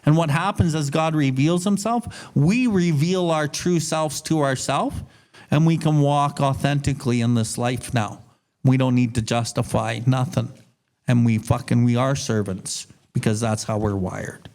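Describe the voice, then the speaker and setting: A man's voice: medium pitch, unhurried, a little mellow. A man hosting a recovery podcast, speaking emphatically, reading a passage and explaining it in blunt, casual words. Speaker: podcast host.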